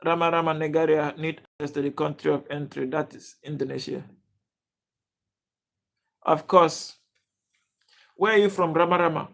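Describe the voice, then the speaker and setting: A man's voice: on the high side, steady tone, gravelly, fairly bright tone. A young man from Nigeria, hosting a casual livestream, reading out viewers' names and restarting his sentences with many fillers. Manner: halting, many fillers and restarts, addresses chat viewers by name. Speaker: livestream host. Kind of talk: casual live chat reading comments.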